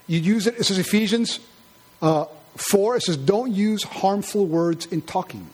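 A man preaching a sermon in an animated, conversational way, acting out quarrels in high mocking voices. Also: slightly rough.

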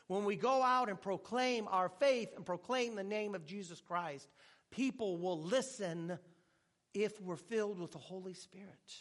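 A male pastor preaching a sermon with animated delivery and joking asides, at times dropping to a hushed tone. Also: sits high, unhurried.

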